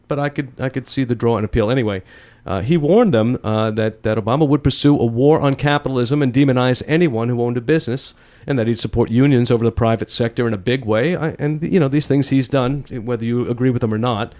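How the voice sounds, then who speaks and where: A man's voice: mid-range voice, darkish tone. Wry folksy male talk show host. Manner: folksy, wry, repeats a catchphrase, chuckles at own jokes. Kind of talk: political talk show commentary.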